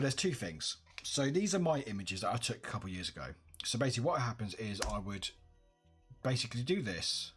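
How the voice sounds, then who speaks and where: A man's voice: medium pitch, a bit bright, slightly rough. A young man from the UK, live-streaming from home, chatting in a rambling, self-correcting way. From United Kingdom. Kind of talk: casual livestream chat.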